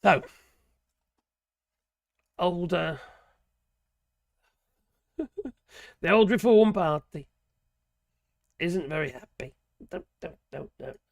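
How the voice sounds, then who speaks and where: Male streamer, hoarse and gravelly, casual rambling host who chuckles and trails off. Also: high voice, expressive, extremely slow, long pauses, no room sound, clean studio sound. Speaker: livestream host reading viewer chat. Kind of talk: casual live-stream chat.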